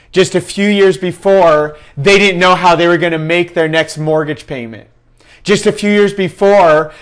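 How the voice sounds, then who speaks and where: A young man giving a passionate, preachy recruiting talk to his sales team. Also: high voice. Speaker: team leader in a sales network. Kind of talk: fervent recruiting pitch.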